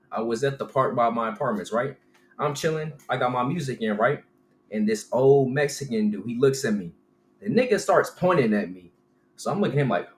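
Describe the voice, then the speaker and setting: A young man casually telling a storytime, animated and profane, tossing in "right?" and "bro" constantly. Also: medium pitch. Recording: roomy room with faint background hum.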